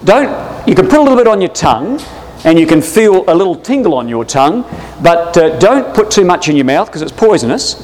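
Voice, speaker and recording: Animated man teaching Bible class. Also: high-pitched, fairly quick. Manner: jokey, animated, addresses "brothers and sisters". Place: hall with a live audience. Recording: long echo of a hall.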